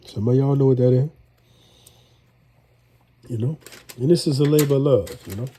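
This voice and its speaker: Middle-aged New home cook, stuffy nose, husky, easygoing rambler. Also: male voice, mid-range voice, normal speed, mellow. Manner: folksy, rambling, chatty with viewers. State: congested. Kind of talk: casual cooking vlog.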